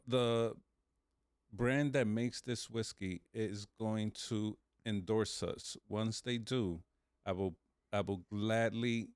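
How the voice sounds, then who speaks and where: A man's voice: fairly low pitch, creaky, dry recording, studio quality. A laid-back man co-hosting a casual podcast, laughing easily. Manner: laid-back, laughs easily, says "you know what I'm saying". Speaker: podcast co-host. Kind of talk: casual chat.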